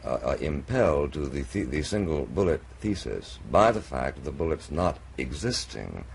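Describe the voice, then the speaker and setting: Super deep gravelly guy debating, drawly, stumbles and restarts a lot, faint hiss, old tv sound. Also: big pitch swings, moderate pace. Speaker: host. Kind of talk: televised debate. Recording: faint noisy old TV recording.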